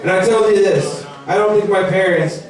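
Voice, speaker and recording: A young man doing a stand-up comedy set. He talks in a rambling, animated way and mocks people in put-on voices. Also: sits high, normal speed, crowd noise. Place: comedy venue. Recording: very echoey room, mic far off.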